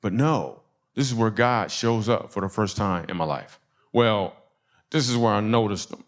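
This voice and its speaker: A man from Michigan doing stand-up storytelling in a church, animated and conversational, laughing through his punchlines. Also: fairly low pitch, moderate pace. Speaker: comedian.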